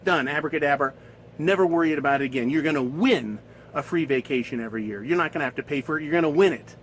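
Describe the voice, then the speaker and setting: A man's voice: fairly high pitch, quick pace, a little hiss or hum, close to an everyday voice. A man voicing a smug male genie who grandly grants wishes. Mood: showy. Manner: grand, showy.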